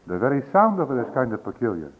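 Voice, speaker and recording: A man's voice: mid-range voice, big pitch swings, fast. A man preaching a sermon as pastor, building to emphatic peaks with homely grammar slips. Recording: dull lo-fi recording.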